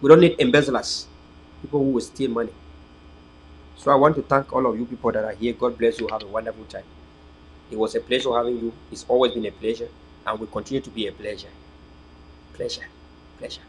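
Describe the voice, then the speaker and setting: A man's voice: mid-range voice, steady tone, a little fast, long pauses, slight background noise, low-quality recording. A man, hosting an online political channel in a rambling, preachy, emphatic livestream monologue to his viewers.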